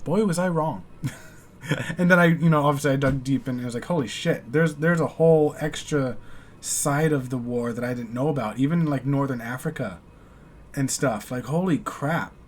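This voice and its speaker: In a reaction video, an American man offers casual commentary, rambling candidly through his thoughts and swearing now and then. He speaks at a normal speed with a medium-pitched voice.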